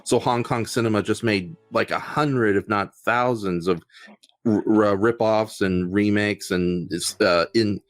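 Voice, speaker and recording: A man's voice: on the low side, measured pace, dry recording, faint music behind. A man hosting a casual film podcast, rambling with many fillers and restarts. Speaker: podcast host.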